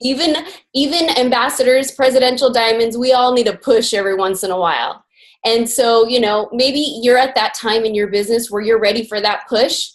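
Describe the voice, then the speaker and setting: A woman's voice: fairly high pitch, normal speed. An upbeat woman hosting a video call, telling a joke in a casual, chatty way. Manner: upbeat, tells a joke with acted voices. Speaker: call host.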